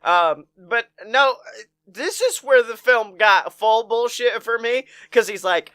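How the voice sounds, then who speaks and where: Bright high-voiced man, dry close mic. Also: slow, clean tone, dry recording. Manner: laughing, animated, swears freely. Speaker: podcast co-host. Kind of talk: casual movie review chat.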